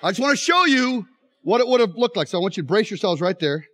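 A man's voice: high-pitched, fast talker. A middle-aged man preaching a sermon, telling stories animatedly and acting out voices while straining on an injured leg. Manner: animated storytelling, acts out voices. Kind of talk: sermon with live demonstration.

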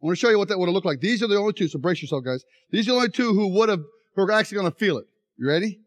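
Preacher, middle-aged man, lively swooping delivery, acts out voices in his stories. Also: sits high, rapid-fire. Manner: animated storytelling, acts out voices. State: injured leg, straining. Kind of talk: sermon with live demonstration.

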